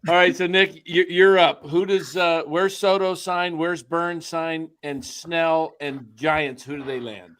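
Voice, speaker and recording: A man hosting a sports podcast, firing off quick questions and checking his notes on air. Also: fairly high pitch, fairly even intonation, a bit bright, smooth. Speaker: podcast host. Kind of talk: casual sports talk.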